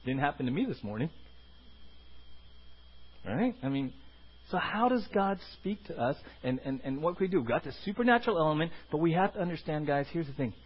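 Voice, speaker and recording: A man preaching a sermon as pastor, animated and acting out the voices of the people he quotes. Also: on the high side, fairly quick, slightly rough, lo-fi sound.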